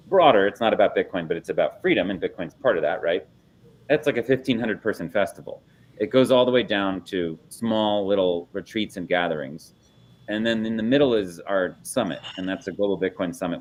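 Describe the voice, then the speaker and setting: A man talking casually on a panel about his organization's events, loose and conversational with many fillers. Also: low voice. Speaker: Bitcoin nonprofit organizer.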